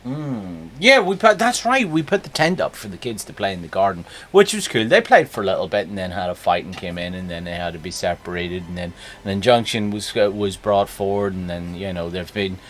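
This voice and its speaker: A man's voice: sits low, lively intonation, brisk, few pauses, fairly bright tone. A man with a Northern Irish accent hosting a live stream, chatting casually and greeting viewers by name. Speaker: streamer host.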